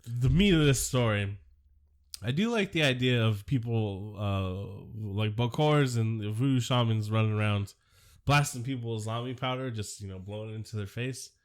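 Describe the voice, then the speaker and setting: A man's voice: on the low side, moderate pace. A man co-hosting a podcast in casual chat, rambling and swearing, laughing often, sick with a cough. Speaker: podcast co-host.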